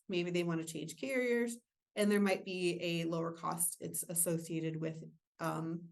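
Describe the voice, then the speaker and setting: A woman's voice: on the low side, gravelly. A woman presenting an insurance training webinar, explaining rules in a casual way with filler words and joking asides. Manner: casual, self-deprecating asides.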